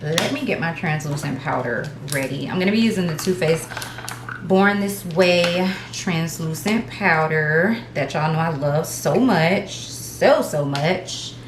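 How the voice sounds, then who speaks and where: A woman's voice: low voice, a little slow, reverberant, background noise. A woman beauty vlogger, chatting casually and slangily to her viewers at home. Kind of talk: casual get-ready-with-me chat.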